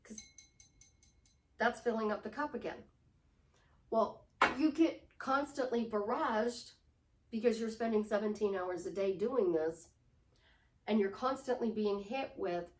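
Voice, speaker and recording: Woman life coach, fairly high voice, emphatic and repetitive delivery, recorded off-mic in a roomy space. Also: a little slow, long pauses, darkish tone, far from the mic. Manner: emphatic, repetitive, drops to a whisper for demonstrations. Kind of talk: motivational coaching talk.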